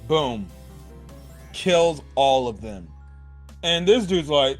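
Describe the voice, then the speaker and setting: A man with a slightly high-pitched voice talks through an anime episode in a loose, rambling recap. His speech is slangy and full of filler words, and soft music plays faintly underneath. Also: expressive, takes it slowly, long pauses. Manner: slangy, rambling, keeps adding "like", "bro" and "right". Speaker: anime reviewer.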